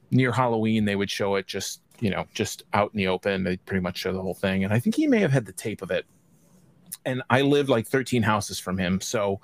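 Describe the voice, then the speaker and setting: A man guesting on a podcast, rambling through a memory with plenty of ums and restarts. His voice sits fairly low. The sound is dry and close, with no room around it. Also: no echo. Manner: rambling, hesitant, many ums. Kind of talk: casual podcast chat.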